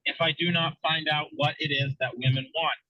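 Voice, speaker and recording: A man's voice: fairly high pitch, fairly even intonation, brisk, no echo, natural voice. A man voicing a desperate, honest knight in a retold fairy tale, speaking urgently, in a dull lo-fi recording.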